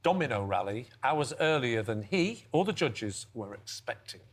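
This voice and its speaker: A man's voice: mid-range voice, very animated, moderate pace. A man captaining a team on a comic panel show, firing off mocking quips. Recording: noisy TV studio.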